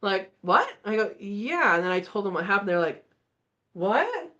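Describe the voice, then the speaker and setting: A woman hosting a live chat, telling a story in a casual, animated way and acting out the voices. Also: mid-range voice, fast talker, lo-fi sound. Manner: animated, acts out voices in her stories. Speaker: channel host.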